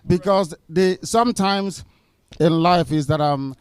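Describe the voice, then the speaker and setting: A man with a somewhat high voice speaks into a dry, close microphone at a town hall. He talks firmly and insistently, often repeating short phrases to press his point. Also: unhurried, clear, resonant tone. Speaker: movement leader addressing a town hall. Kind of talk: public town hall debate.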